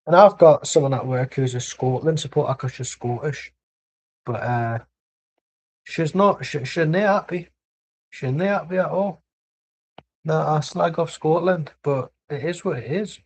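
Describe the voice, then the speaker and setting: Husky man riffing over a match. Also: fairly high pitch, a little slow, darkish tone, rough recording. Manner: rambling, blunt, swears freely. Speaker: watchalong streamer. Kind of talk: casual live match commentary. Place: at home.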